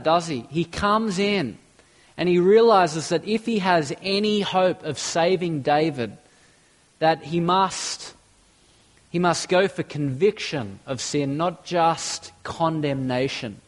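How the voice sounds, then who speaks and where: A man's voice: a little high, unhurried, long reverb tail. A man preaching a sermon, earnest, asking rhetorical questions and often restarting his sentences. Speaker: pastor.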